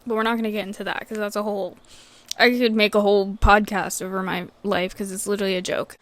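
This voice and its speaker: A woman's voice: medium pitch, level tone, fast, fairly bright tone, no echo. A woman hosting a podcast, telling work stories in a casual, profane ranting style. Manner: swears freely, ranting. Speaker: podcast host. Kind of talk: casual storytelling rant. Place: vet clinic worker telling work stories.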